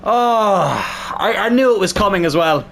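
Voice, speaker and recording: A young man with a sore throat commentating on his football video game, calm between plays and shouting and swearing at goals. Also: high voice, unhurried, creaky, a little hiss or hum. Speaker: gaming YouTuber.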